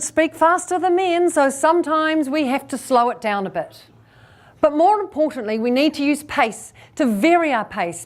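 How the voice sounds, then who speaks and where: A woman public speaking coach giving a keynote speech to a live audience. She plays out quick asides and leans on deliberate pauses and shifts in pace. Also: on the high side. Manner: lively, acts out listeners' inner thoughts in quick asides.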